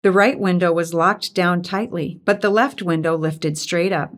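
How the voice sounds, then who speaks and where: A woman narrating an audiobook with an even storytelling delivery. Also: fairly low pitch, normal speed.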